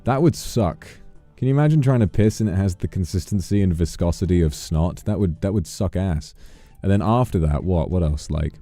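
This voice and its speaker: Deep-voiced man on a playful stream. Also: brisk, few pauses, dark tone, no echo, faint music behind. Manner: playful, sings and rants in mock outrage. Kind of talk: casual live-stream chat.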